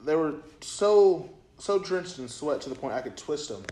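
A man's voice: a little high, sing-song, normal speed, warm tone. A young man co-hosting a podcast, telling a story in casual chat and rambling with many fillers and repeats. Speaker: podcast co-host. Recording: roomy echo.

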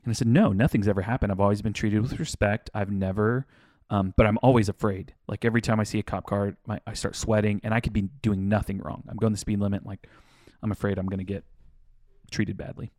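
Male co-host, lower voice, chatty and rambling, swears casually, dry close-mic read. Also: fast, no room sound. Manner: rambling, animated storytelling with swearing. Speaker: podcast co-host. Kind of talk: casual chat.

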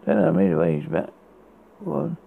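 Man, gravelly, husky, halting horror story reading, tinny phone-like sound. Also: low-pitched, very animated. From United Kingdom. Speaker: horror podcast host. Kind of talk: read horror story narration.

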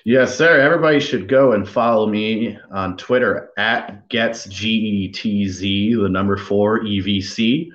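A man's voice: on the low side, unhurried, few pauses, a bit bright. Profane, rambling man in a roomy, dull recording. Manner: profane, rambling, acts out exasperated quotes. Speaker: podcast guest. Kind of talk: casual podcast chat.

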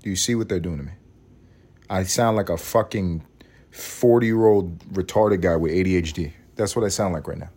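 Thirties male podcaster, lowish voice, profane self-mocking rambler. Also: moderate pace, a little mellow, breathy edge. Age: 30s. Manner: cranky, scattered. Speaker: podcast host. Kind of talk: casual solo podcast rant.

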